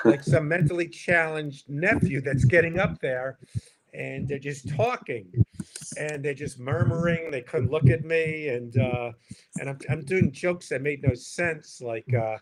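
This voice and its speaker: A man's voice: fairly high pitch, moderate pace. An older man, a comedian, telling a rambling self-deprecating story on a livestream call, full of restarts. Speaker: comedian, stream co-host. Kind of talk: casual storytelling chat. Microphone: livestream video call mic. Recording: noisy stream audio.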